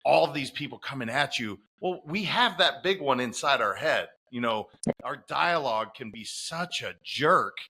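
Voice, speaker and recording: A man's voice: medium pitch, lively intonation, moderate pace, sharp tone, slightly rough. A man hosting a podcast interview, talking enthusiastically and affirming his guest, thinking aloud with small restarts. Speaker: podcast host.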